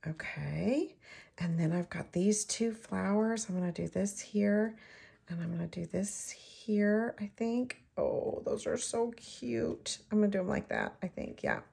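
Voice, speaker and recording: A middle-aged woman, chatting to herself and the viewer in an excitable way while she shows how to make a card. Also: mid-range voice, normal speed, gravelly, breathy edge. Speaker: card-making demonstrator. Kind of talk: casual crafting tutorial.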